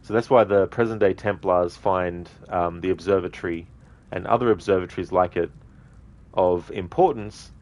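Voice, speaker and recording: A man's voice: deep voice, darkish tone. An Australian man streaming a video game, chatting casually and rambling with many fillers. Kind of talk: casual commentary.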